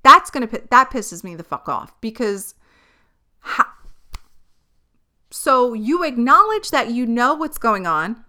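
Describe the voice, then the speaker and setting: Taking her time with long pauses, a young podcast host speaks in a sharp, slightly high voice with big pitch swings. Her casual storytelling monologue is candid and exasperated, peppered with swearing and frequent laughter.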